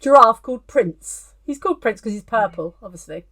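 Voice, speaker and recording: A woman's voice: a little high, expressive, a little fast, fairly bright tone. A woman from London co-hosting a casual crafting chat over a video call, chatty and self-deprecating, laughing often. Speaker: co-host, fibre artist.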